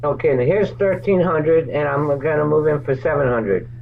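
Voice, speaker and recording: A man's voice: fairly high pitch, normal speed, vocal fry, phone-quality sound, slight background noise. A man from Massachusetts, a regular caller on a talk show, giving short, dry replies. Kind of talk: casual phone chat.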